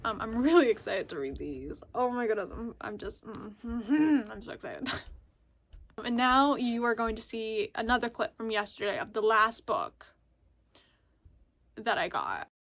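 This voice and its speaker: A woman chatting casually in a book vlog, gushing and excitable, repeating words for emphasis and slowly sounding out unfamiliar names. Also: a little high. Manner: sounds out fantasy names slowly, stumbling and laughing. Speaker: book vlogger.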